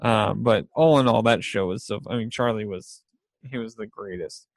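A man's voice: on the low side, normal speed, gravelly, no room sound. A young man chatting casually about favorite TV shows, rambling and laughing often as he acts out scenes.

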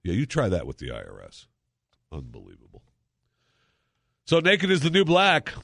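A man's voice: medium pitch, normal speed, creaky, no room sound, clean studio sound. A man hosting a talk radio show, joking around in a casual monologue with lots of fillers. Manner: jokey, animated, lots of fillers. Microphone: studio microphone.

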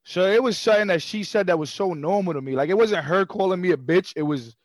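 A man's voice: sits high, fast, no echo. A young man, telling stories animatedly over a video call. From Brooklyn, New York. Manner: animated storyteller, full of fillers and acted quotes. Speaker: guest, comedian. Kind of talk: casual chat.

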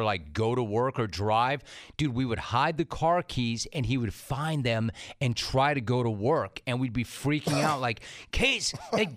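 A man in his fifties hosting a podcast, telling stories with animated energy and casual swearing in an interview chat. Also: medium pitch, dry recording, clean studio sound. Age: 50s. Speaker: podcast host.

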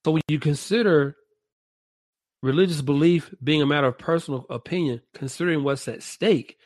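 A man leading a reflective podcast discussion, speaking deliberately and restating his points in several ways. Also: fairly high pitch, no echo.

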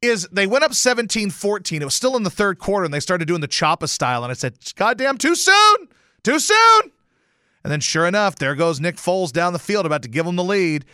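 A man rants through a casual podcast monologue with bright, forceful energy. He tells stories in a profane, sarcastic way, swinging between loud outbursts and low, grumbling asides. The sound is dry and close. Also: quick pace, hardly any pauses, dry recording. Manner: animated, profane, sarcastic storytelling. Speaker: podcast host. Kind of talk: casual rant.

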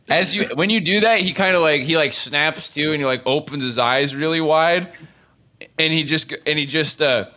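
Guy running a tabletop game, bright tense voice, rambly, lots of ums and laughs. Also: on the high side, moderate pace. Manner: laughing, rambling, full of fillers. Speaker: game master.

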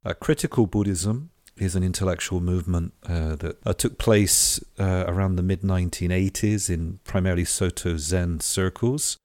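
Very deep-voiced thoughtful male host. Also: steady tone, moderate pace, hardly any pauses, a little mellow, dry recording, studio quality. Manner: thoughtful, hesitant with many fillers. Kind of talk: conversational interview.

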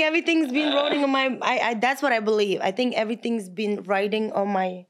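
A woman, telling her life story as a podcast guest in lively, broken English. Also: fairly high pitch, brisk, hardly any pauses. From Kazakhstan. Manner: animated, laughing, broken English. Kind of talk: casual interview storytelling.

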